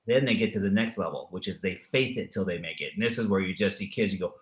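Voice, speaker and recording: A middle-aged man guest in a motivational interview who tells lively stories and acts out the people in them with changing voices. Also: low voice, fast, hardly any pauses, roomy sound. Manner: lively storyteller acting out dialogue with voice changes. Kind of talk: animated motivational interview talk.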